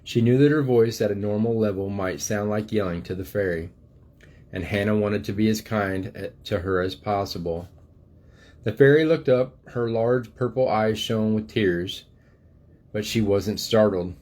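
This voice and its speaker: An older man, a grandfather, reading a storybook aloud to his grandchildren in a gentle, unhurried way. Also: on the low side.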